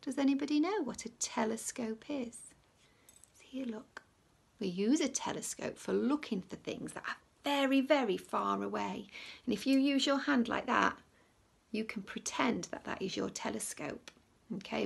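A woman teacher reading a picture book aloud to young children, lively, with hushed whispered asides. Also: medium pitch, gravelly, breathy edge.

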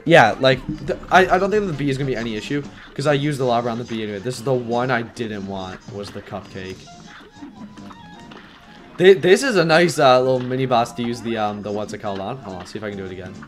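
A man giving rambling live gameplay commentary, excitable and prone to yelling when things get stressful. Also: mid-range voice. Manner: rambling, filler-heavy. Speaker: gaming YouTuber.

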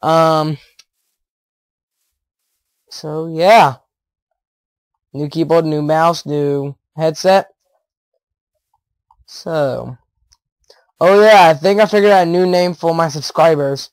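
High-voiced teen boy rambling over gameplay. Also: slow pace, pauses often, dry recording, poor audio. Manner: rambling, excitable, with giggles and loud outbursts. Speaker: gaming YouTuber. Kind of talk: casual gameplay commentary. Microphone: headset.

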